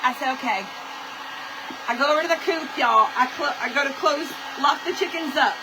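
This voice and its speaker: High-pitched and speaking at normal speed, a woman shares a casual story on her live stream while background noise carries on. She greets viewers by name as she reads their comments.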